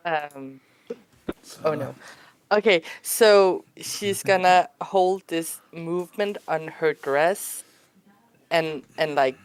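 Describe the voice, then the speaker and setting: A woman's voice: fairly low pitch, slow pace, smooth, dry recording. A woman describing her character in a tabletop game, rambling with many "like"s. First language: Danish. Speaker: player.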